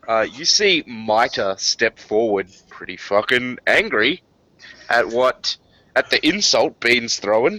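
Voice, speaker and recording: A man's voice: medium pitch, animated, slow pace, bright, forceful tone, no room sound. A man narrating a tabletop game as game master, loose and casual with frequent fillers.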